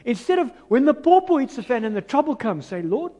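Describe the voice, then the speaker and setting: A South African pastor preaching a sermon with an Afrikaans-mixed accent. He talks to the congregation conversationally, pokes fun at himself, and swings between loud, emphatic lines and hushed ones. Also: extremely high pitch, big pitch swings, fairly quick. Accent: South African, mixing in Afrikaans. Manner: self-mocking, conversational asides to the congregation.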